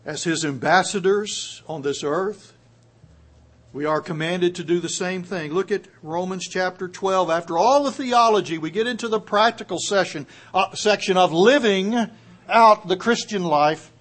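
A man preaching a sermon in a fairly high voice. He drops to hushed, almost murmured lines, then climbs to loud, emphatic peaks. He slows right down to press on the words he wants heard.

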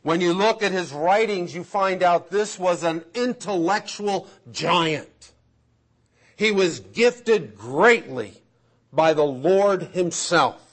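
A man preaching a sermon, swinging from loud emphatic peaks to hushed asides. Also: high-pitched, lively intonation, slow pace. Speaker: pastor.

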